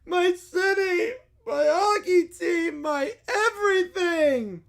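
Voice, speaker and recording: A woman's voice: very high-pitched, expressive, slow pace, gravelly, pitched above the performer's own voice, full character voice. A woman voicing a dramatic young boy who sobs and whines in a storybook read-aloud. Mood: wailing. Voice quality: sobbing, whiny.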